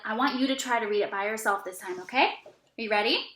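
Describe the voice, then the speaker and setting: A woman teaching an early reading lesson to young children, speaking slowly and encouragingly with plenty of praise. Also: mid-range voice, fairly bright tone, echoey room. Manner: slow, exaggerated, encouraging teacher talk with praise.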